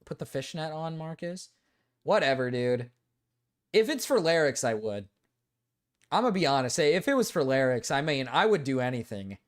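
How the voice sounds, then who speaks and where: Animated man chatting on a livestream. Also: on the high side, normal speed. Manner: animated, repeats himself, swears freely. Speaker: streamer reacting to chat. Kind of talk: casual livestream chat.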